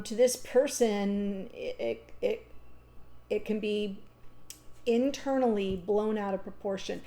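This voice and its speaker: A woman with a fairly high, mellow, warm voice works through a tarot spread. She talks in an unscripted, reassuring way and pauses to think aloud with ums and restarts. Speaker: tarot reader. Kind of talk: unscripted tarot reading monologue.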